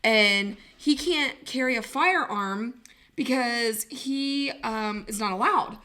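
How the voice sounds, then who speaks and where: A woman co-host spins a story in a casual, animated way, laughing as she goes and acting out each person's lines. Her voice is bright and forceful and sits a little high. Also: slow. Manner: animated, laughing, swearing, acts out quotes. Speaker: podcast co-host.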